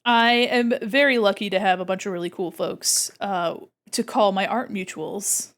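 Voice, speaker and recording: A woman's voice: mid-range voice, normal speed, fairly bright tone. A woman streamer chatting casually while she draws. She is bubbly, greets her chat and exclaims often.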